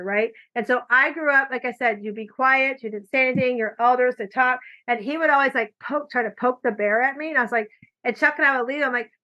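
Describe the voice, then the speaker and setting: A woman hosting a podcast, chatting casually and telling animated stories, acting out quoted lines, recorded with muffled lo-fi audio. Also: a little high. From California. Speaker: podcast host. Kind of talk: casual conversation. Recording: dull lo-fi audio.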